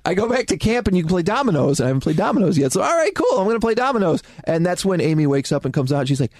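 A man chatting on a gaming podcast, rattling off long stories at a brisk clip. His voice sits mid-range and sounds dry and close, with no room around it. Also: on the high side, lively intonation, darkish tone, no room sound. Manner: rambling storyteller, quick. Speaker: podcast co-host. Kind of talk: casual chat. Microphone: close studio mic.

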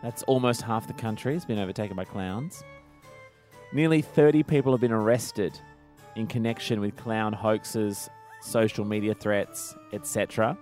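A man's voice: fairly low pitch, moderate pace, a little mellow. A man with an Australian accent co-hosting a radio show, joking playfully and reading out facts, with faint music behind. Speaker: radio co-host. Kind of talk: casual radio banter.

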